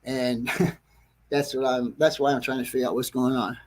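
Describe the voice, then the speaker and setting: A man hosting a casual livestream about his model railroad, rambling and correcting himself, clearing his throat often, frustrated with a problem. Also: mid-range voice, flat delivery, normal speed. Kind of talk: casual livestream chat to viewers. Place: train layout room at home.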